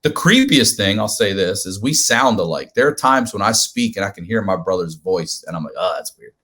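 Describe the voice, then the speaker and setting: A man telling a comedic story as a podcast guest, animated and profane, acting out the people in it. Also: lowish voice, brisk, slightly rough. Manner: animated, profane, acts out quoted voices.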